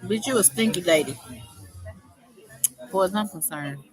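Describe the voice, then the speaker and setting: A woman's voice: lowish voice, normal speed, a crowd in the background, poor audio. A woman hosting a livestream, scolding someone in a confrontational, profane, unscripted rant. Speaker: livestream host.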